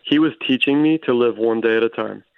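Earnest male guest, animated storyteller, mid-pitched, heard over a thin phone line. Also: fairly quick, vocal fry, no echo. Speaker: guest author. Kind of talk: casual Christian talk show conversation. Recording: tinny phone-line sound.

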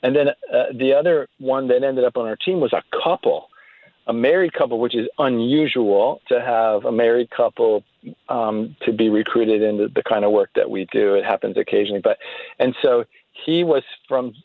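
Man, interview guest, storytelling, halting restarts, dry close sound, middle pitch. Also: dry recording. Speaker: guest recounting recruitment interviews. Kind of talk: anecdotal storytelling. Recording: tinny phone-line sound, dry.

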